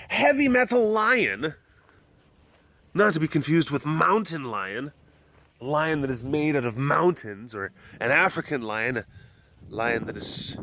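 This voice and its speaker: A man's voice: a bit bright, no room sound. A man hosting a casual walking vlog outdoors at an animal compound, goofy and talkative, chatting with the viewers and the big cats. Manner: playful, goofy and talkative, coaxing animals in a high voice. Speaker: big cat sanctuary vlogger.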